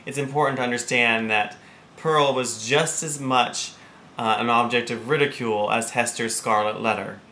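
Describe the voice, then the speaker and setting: A man's voice: mid-range voice, steady tone, normal speed, bright, forceful tone, a little hiss or hum. A man teaching an English literature lesson, explaining the text and reading passages aloud. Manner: explains then reads quoted passages dramatically.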